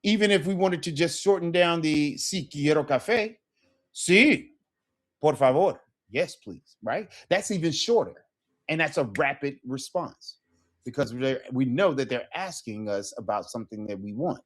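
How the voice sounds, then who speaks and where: A man's voice: fairly high pitch, animated, normal speed. A middle-aged man teaching an online Spanish lesson, repeating phrases with rising emphasis.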